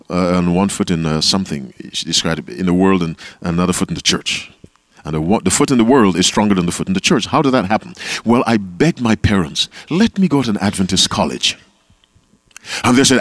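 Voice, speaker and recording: A man preaching a sermon as pastor, asking his listeners questions and answering them himself, with quotes acted out softly. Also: low voice, animated, brisk, dry recording. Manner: call-and-response preaching, questioning the audience. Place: camp meeting talk.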